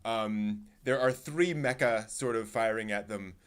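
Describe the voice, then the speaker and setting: A man's voice: lowish voice, measured pace, clean tone. A man hosting a casual anime discussion podcast, retelling a scene with lots of fillers and acting out the characters' lines. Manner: animated storyteller, acts out quotes. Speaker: podcast host.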